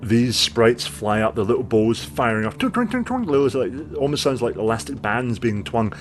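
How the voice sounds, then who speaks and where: A man running a tabletop game as game master, narrating the action in a vivid, relaxed way with many fillers. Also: mid-range voice, normal speed, soft background music.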